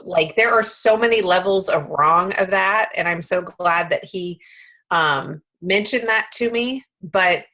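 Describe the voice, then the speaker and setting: A woman in her late thirties, a guest speaker telling a self-deprecating story in casual, animated chat. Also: lowish voice, a little slow, rough recording.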